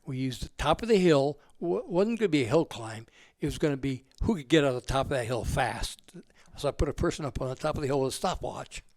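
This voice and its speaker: Gravelly old man telling rambling stories. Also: mid-range voice, lively intonation, fast, a little mellow, no room sound. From United States. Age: older. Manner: rambling, profane and laughing. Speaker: guest. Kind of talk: casual storytelling.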